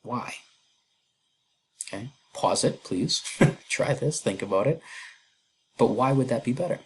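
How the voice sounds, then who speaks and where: Teaching chemistry in a recorded lecture, a man solves problems in a casual, chatty way, with fillers and self-deprecating asides. He speaks a little slowly in an animated mid-range voice, with a little hiss or hum in the recording.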